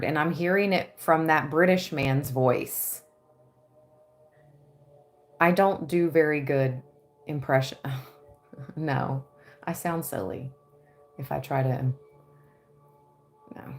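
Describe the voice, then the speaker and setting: Slow, dreamy woman reading tarot. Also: low-pitched, faint music behind. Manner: dreamy, excitable, breaks into giggles. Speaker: tarot reader.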